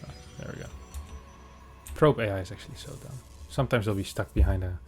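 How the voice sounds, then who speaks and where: A man casting a strategy game match in a chatty, joking way, reacting fast to the play. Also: on the low side, soft background music. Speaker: esports caster. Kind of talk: casual game commentary.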